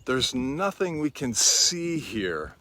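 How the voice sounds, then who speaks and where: A man preaching a sermon in a slow, reflective and quietly earnest way. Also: mid-range voice, big pitch swings.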